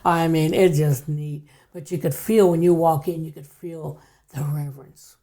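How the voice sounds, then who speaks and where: A woman's voice: low voice, fairly even intonation, measured pace. An older woman, a podcast guest, telling a personal story in a casual way, often dropping to a near whisper. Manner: hushed, drops to near whisper at times.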